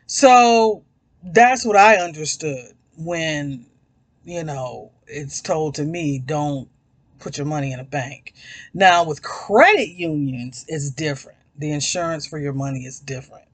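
A man's voice: a little high, unhurried, no echo. A man hosting his own podcast, talking in a rambling, casual way, swearing freely and addressing listeners as y'all. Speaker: podcast host. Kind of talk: casual chat.

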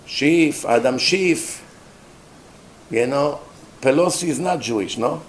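A man giving a sermon as a rabbi, telling the story in an animated way with rhetorical questions and mocking asides. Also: medium pitch, slow.

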